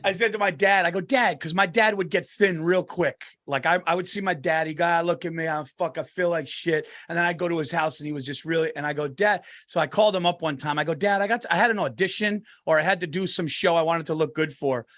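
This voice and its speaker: A middle-aged man co-hosting a podcast, telling animated, laughing anecdotes. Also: a little high, fast, hardly any pauses. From United States. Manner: storytelling, laughing, does voices in anecdotes. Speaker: podcast co-host. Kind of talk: casual comedic chat.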